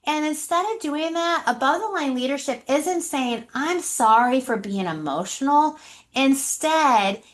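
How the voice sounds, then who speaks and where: A woman presenting a leadership webinar on a video call, animated and asking her audience rhetorical questions. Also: sits high, a little slow.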